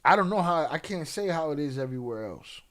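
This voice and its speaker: A man hosting a live stream, telling a profane, animated story in a casual way and laughing along. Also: a little high, fast talker.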